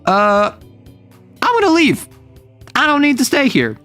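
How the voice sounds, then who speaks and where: A man voicing a flippant young man, pushing his voice up high and talking casually while retelling a story. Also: huge pitch swings, a little slow, pushed and bright, soft background music, heavily acted.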